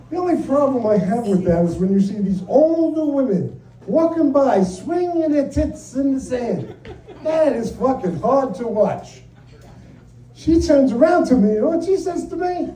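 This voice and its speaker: A man's voice: sits high, dark tone. An older man doing a stand-up set, telling profane, exasperated stories about married life. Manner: brash, profane, exasperated storytelling. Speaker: stand-up comedian. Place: comedy club stage. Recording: roomy live club sound from a distant mic. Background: audience laughter.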